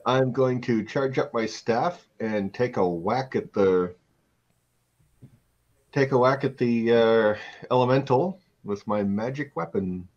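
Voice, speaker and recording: Male tabletop player, slow and laid-back, on a muffled mic. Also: medium pitch, darkish tone. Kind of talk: tabletop game play over a call. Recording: dull lo-fi mic.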